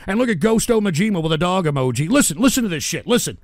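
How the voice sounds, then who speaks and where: A man hosting a live show, ranting angrily and profanely at his chat and breaking into shouts. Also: high voice, sing-song, racing, few pauses. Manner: angry, profane, bursts into shouting. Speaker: livestream show host.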